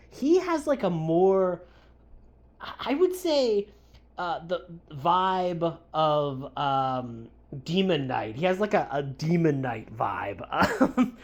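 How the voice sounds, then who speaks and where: A book reviewer chatting casually and enthusiastically, with many fillers, while walking outdoors by the water. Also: medium pitch.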